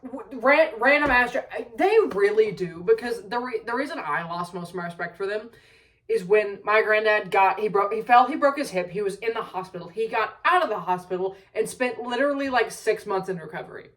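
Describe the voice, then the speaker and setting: A woman's voice: mid-range voice, expressive, brisk, a bit bright, distant mic, rough recording. Young woman ranting, heavy swearing. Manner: heavy swearing, exasperated, rambling asides. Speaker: vlogger. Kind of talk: casual storytelling rant.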